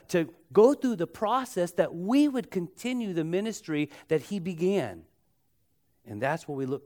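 A man with a fairly high voice preaches a sermon as a pastor. He is emphatic, repeats key phrases, slows down to stretch out words, and draws the congregation into call-and-response.

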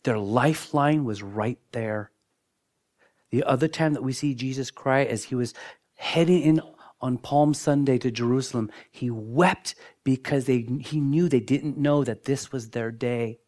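A man preaching a sermon as pastor, shifting between strong emphasis and soft, hushed moments, often repeating words as he builds a point. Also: medium pitch, measured pace. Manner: dynamic preaching, dropping to near-whispers for emphasis.

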